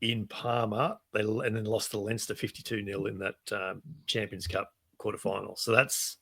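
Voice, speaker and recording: A man with a bright, sharp voice co-hosts a rugby podcast. He talks casually and runs through league results, often restarting his phrases as he thinks aloud. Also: on the low side, little pitch movement, moderate pace, gravelly, slightly rough. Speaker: podcast co-host.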